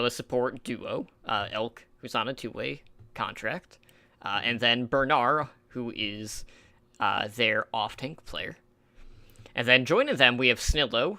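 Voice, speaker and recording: Guy hosting an esports show, super bright smooth voice, rambly, lots of uhs. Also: medium pitch, no echo. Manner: rambling, filler-heavy, trips over player names. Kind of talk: casual esports podcast chat.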